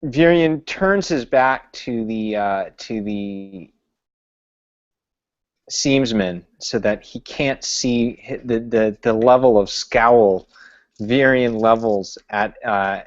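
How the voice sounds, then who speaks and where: A tabletop player narrates his character's actions haltingly, circling back over his words again and again. He speaks at a very slow pace. The audio is dull and lo-fi, as on an online call. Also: medium pitch, no room sound. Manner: halting, many repeated words.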